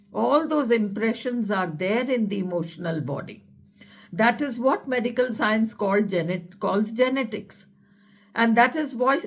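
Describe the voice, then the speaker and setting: A woman, working as an astrologer, gives an earnest spiritual talk and then leads a guided affirmation chant, repeating phrases for listeners to echo. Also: a little high.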